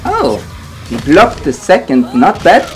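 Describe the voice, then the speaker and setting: A man's voice: a little high, huge pitch swings, takes it slowly. Ranting man. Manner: ranting, swearing, shouting at the game. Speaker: gamer. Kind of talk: casual gameplay commentary. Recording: game music playing behind.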